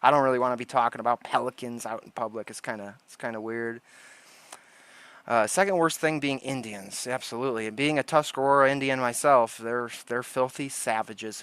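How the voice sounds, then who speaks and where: A man's voice: mid-range voice, fairly even intonation, brisk, fairly bright tone, smooth, no echo. A man hosting a casual livestream, telling rambling stories and laughing often. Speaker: livestream host.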